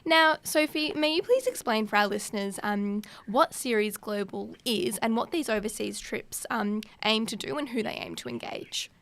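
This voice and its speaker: A woman hosting a community radio interview, raspy and hoarse from tonsillitis. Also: on the high side, moderate pace, few pauses, fairly bright tone, no echo. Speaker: radio presenter.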